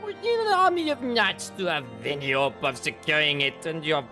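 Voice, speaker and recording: A man voicing a drunk French observatory keeper with a put-on French accent, rambling and halting with slurred pauses. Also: fairly high pitch, lively intonation, sharp tone, faint music behind. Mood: tipsy, rambling.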